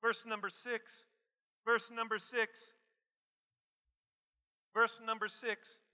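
Preacher man, very high and piercing, emphatic and repetitive, big hall reverb. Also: little pitch movement, slow. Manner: emphatic, repeats phrases, swings from soft to shouting. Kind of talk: sermon.

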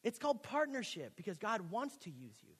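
A young man from Texas, a pastor preaching a sermon in a college chapel, telling a story and acting out the dialogue with lively, casual energy. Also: sits high, fairly quick, husky. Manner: animated storytelling, acts out quoted dialogue. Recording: long hall reverb.

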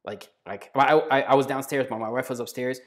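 A man preaching a sermon in an earnest, emphatic way, slowing down and dropping to a hush on key phrases. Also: mid-range voice, steady tone.

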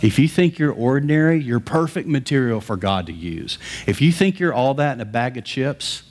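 Male pastor, mid-pitch voice, lively conversational sermon delivery. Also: moderate pace, a little hiss or hum. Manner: animated storytelling, conversational preaching.

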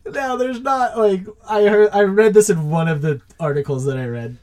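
A man's voice: sits high, moderate pace, darkish tone. A man co-hosting a casual podcast, telling a story with lots of fillers and laughing mid-sentence. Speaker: podcast co-host.

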